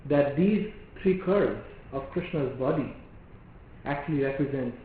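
A man delivers a devotional lecture, explaining step by step and pausing on rhetorical questions. His voice rings through a very echoey hall. The sound is thin and phone-like, with a faint hiss of ambience behind it. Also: mid-range voice, lively intonation. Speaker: preacher.

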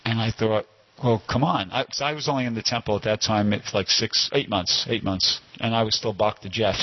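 An older man recounts a story at a temple gathering in a loose, digressive way, often circling back to correct himself. His voice is low and husky. The recording sounds dull and lo-fi. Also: steady tone, fairly quick. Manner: rambling, digressive, frequent self-corrections. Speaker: devotee telling a story at a temple class. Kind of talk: informal anecdotal storytelling.

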